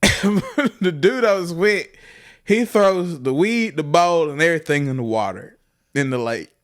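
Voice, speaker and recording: Laughing, animated man. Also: fairly high pitch, unhurried. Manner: profane, laughing storyteller. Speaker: podcast co-host. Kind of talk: casual storytelling.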